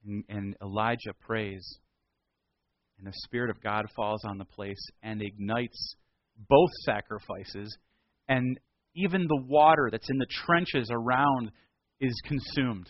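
A man's voice: fairly low pitch, unhurried, no room sound, dull audio. A male pastor retelling a Bible story in a casual, conversational sermon.

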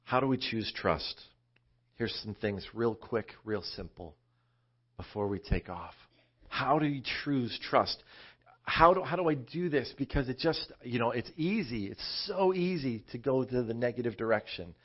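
A man preaching a sermon in a conversational, animated storytelling way. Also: medium pitch, a little slow, lo-fi sound. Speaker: pastor.

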